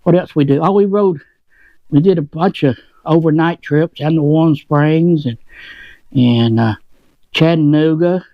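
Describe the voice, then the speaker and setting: A man's voice: fairly high pitch, unhurried, no room sound, dull audio. A man hosting a motorcycle vlog, chatting casually and rambling while he eats. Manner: rambling, talks with mouth full. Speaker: motovlog channel host. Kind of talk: casual chat while eating. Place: home shed.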